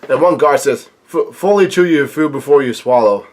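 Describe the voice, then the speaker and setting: A man hosts his own reaction video, reading comic panels aloud and tossing in asides. His middle-pitched voice is animated with a darkish tone, and he's halting, stumbling and restarting words often, with fillers.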